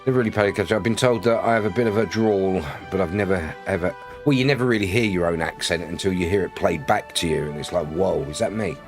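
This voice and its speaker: A man's voice: low-pitched, fast, few pauses, music in the background. A man from Britain chatting casually on a game live stream, rambling, laughing often and greeting viewers by name.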